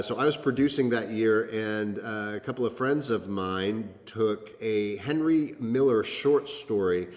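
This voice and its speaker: Low-voiced man chatting with many fillers. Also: in a large hall. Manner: rambling, many fillers and restarts. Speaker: guest. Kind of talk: casual chat.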